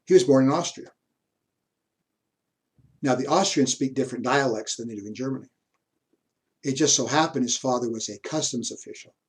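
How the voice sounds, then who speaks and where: A man gives a university history lecture at an unhurried pace, pausing mid-sentence and adding asides. His voice is medium in pitch.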